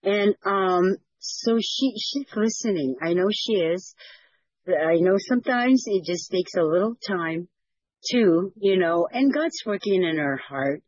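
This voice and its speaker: A woman's voice: on the low side, lively intonation, takes it slowly, a little mellow, breathy edge, no echo, lo-fi sound. A woman leading a fellowship, sharing a personal testimony in an earnest, rambling way that repeats words, over a video call. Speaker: fellowship leader.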